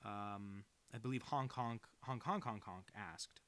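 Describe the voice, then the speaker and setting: A man's voice: lowish voice, unhurried, a bit bright. A young adult man chatting casually and rambling, self-deprecating, while he draws on a stream. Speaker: cartoonist streaming. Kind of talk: casual chat while drawing.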